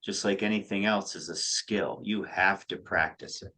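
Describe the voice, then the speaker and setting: A man who coaches high school softball, co-hosting a casual podcast chat, often restarting his sentences. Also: steady tone. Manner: halting, repeats words when starting sentences.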